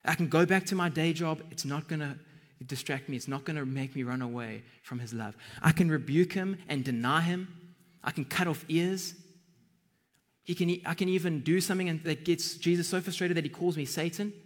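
A man's voice: fairly high pitch, fairly quick. A man preaching an earnest sermon that builds to emphatic bursts, recorded with a long hall reverb.

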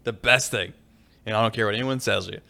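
A man's voice: fairly low pitch, a little fast, creaky, bright, forceful tone. A man co-hosting a casual sports talk show, musing on the feeling of winning in a rambling, reflective way. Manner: reflective, rambling, lots of fillers. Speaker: podcast co-host.

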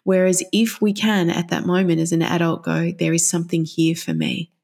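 A parenting counsellor in her forties explains her ideas in an interview, earnest and patient, often checking that the listener is following. Her voice sits a little low and carries a gravelly fry. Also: expressive, normal speed, darkish tone.

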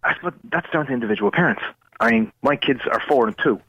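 A man's voice: medium pitch, lively intonation, quick pace, bright, forceful tone, slightly rough, no room sound, poor audio. A man, a teacher and parent, reasoning through a point in a radio discussion. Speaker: schoolteacher, parent.

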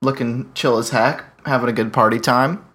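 A man's voice: medium pitch, steady tone, moderate pace, a bit bright. A man co-hosting a casual podcast, playful and giggly while he talks about his beer. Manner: playful, giggly, drifts into a mock French voice. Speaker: podcast co-host. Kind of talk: casual banter.

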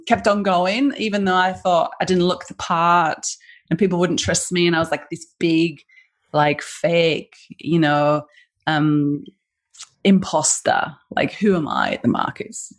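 A woman from Western Australia, a business founder telling her story as a guest on a video-call interview, chatty and full of fillers, acting out what people said. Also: on the low side. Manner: chatty storyteller, acts out quotes, many fillers.

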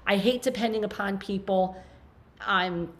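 A woman's voice: medium pitch, a little slow. Passionate, earnest woman in her fifties. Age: 50s. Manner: earnest, passionate, rambling with restarts. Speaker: podcast guest. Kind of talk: emotional conversational interview.

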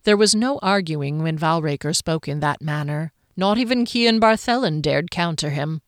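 Woman, audiobook narrator, smooth clear voice, dry close sound. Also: normal speed, dry recording. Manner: calm, even storytelling that shifts pitch for quoted characters.

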